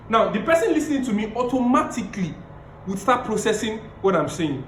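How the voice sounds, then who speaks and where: A man giving a public speaking lecture over a video call, emphatic and repeating key phrases, deliberately playing his tone up and down. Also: high-pitched, expressive, reverberant, a little hiss or hum, low-quality recording. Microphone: video call mic.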